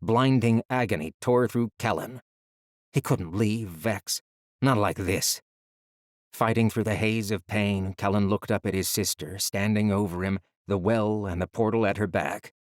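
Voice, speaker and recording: Guy narrating a fantasy audiobook, low voice, super dry close sound. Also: no echo. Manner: dramatic, measured storytelling. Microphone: close studio mic.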